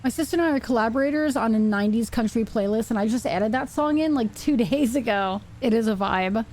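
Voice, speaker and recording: Young woman streaming a game, kinda high but mellow voice, rambling to herself and laughing at how lost she is. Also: a little fast, hardly any pauses, a little hiss or hum. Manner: rambling, self-mocking, thinks out loud. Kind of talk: casual live-stream chat while gaming.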